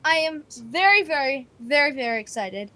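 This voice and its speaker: A woman hosting an internet radio show, chatting in a bubbly, excited, gushing way. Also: sits high, normal speed, no echo. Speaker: host and singer.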